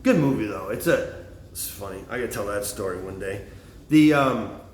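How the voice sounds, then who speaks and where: A man's voice: on the low side, lively intonation, moderate pace, slight background noise. A middle-aged man telling a meandering, profane story in a casual monologue, drifting off on tangents, recorded on a phone. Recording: echoey room.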